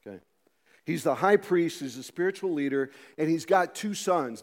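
Middle-aged pastor preaching in a reverberant church. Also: male voice, medium pitch, a little fast. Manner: animated, swinging between loud emphasis and quiet asides, many rhetorical questions. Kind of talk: sermon. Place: church sanctuary. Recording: long reverb of a church hall.

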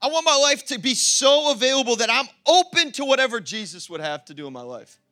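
A man preaching a sermon as pastor of a church, playful and quick to laugh, building up to fervent calls. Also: extremely high pitch, big pitch swings, pushed and bright.

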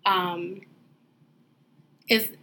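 A woman's voice: on the low side, steady tone, very slow, pushed and bright, a little hiss or hum. A woman co-hosting a podcast, talking candidly and with frustration in a casual chat. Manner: candid, frustrated venting, laid back. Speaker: podcast co-host.

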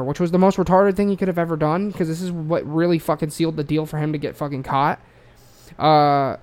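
A man's voice: high voice, darkish tone. An Australian man telling a true-crime story in a loose, rambling way, full of swearing and fillers. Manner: rambling, profane, lots of fillers.

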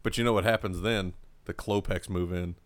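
A man's voice: sits low, moderate pace, dry recording. A man co-hosting a podcast, chatting casually and making wry, dry jokes. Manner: relaxed, wry, dryly joking. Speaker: podcast co-host. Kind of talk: casual chat recapping a show.

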